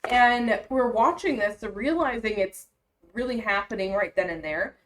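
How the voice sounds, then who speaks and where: A woman's voice: fairly high pitch, a little slow, a bit bright. A woman in her thirties co-hosting a podcast, telling a story in an easygoing, casual way. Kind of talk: casual chat.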